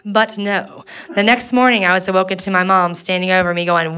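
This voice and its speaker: A woman doing stand-up comedy, telling a story in a sarcastic, animated way into a handheld mic on a club stage. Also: mid-range voice, fairly quick. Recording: live audience laughing around.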